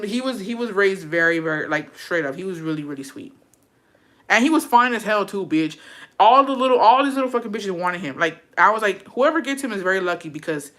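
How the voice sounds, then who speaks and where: A woman's voice: fairly low pitch, fairly bright tone. A young woman vlogger telling a personal story in a casual, chatty way, swearing freely and turning aside to address her viewers.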